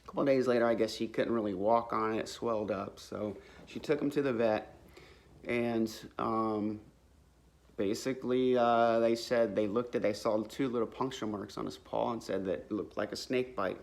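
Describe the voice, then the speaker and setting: A man's voice: on the low side, fairly even intonation, moderate pace, vocal fry. A man casually telling a personal faith story in a rambling, earnest way, full of fillers and restarts. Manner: faith-filled, religious language. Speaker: vlogger sharing a testimony.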